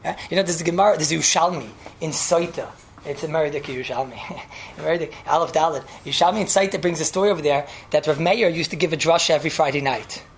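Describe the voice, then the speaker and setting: A man's voice: on the high side, fast talker, vocal fry, a little hiss or hum. A man teaching a Talmud class, telling the story animatedly and repeating himself, with Yiddish and Hebrew terms mixed in. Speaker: Torah teacher.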